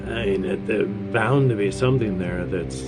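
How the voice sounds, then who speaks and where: A man's voice: fairly low pitch, moderate pace, loud music behind the voice. A man in his fifties giving gameplay commentary, sarcastic and self-deprecating, rambling between bits of read-out game text. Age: 50s. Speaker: gamer.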